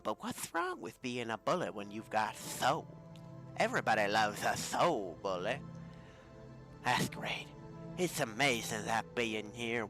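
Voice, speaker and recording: A man voicing a boastful heavyset male wrestler who cuts a promo in a swaggering drawl, calling everyone baby, in a tabletop role-play. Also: medium pitch.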